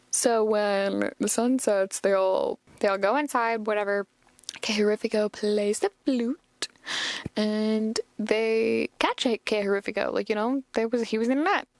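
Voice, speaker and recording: Young woman podcaster, rambly casual recap, gravelly fry, dry close mic. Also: mid-range voice, no echo. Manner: rambling, lots of fillers, chatty. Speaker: podcast host.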